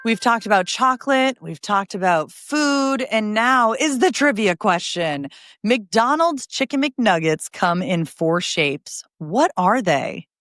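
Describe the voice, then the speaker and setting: A woman hosting a news podcast, reading headlines briskly and adding chatty asides between stories. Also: mid-range voice, expressive, fairly bright tone, no echo.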